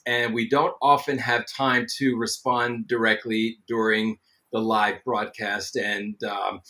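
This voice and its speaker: A middle-aged man hosts a live online show with a bright, forward tone. He talks in a friendly, loose way, fills gaps with ums and greets viewers by name. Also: medium pitch. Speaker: show host. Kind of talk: live webcast host chat.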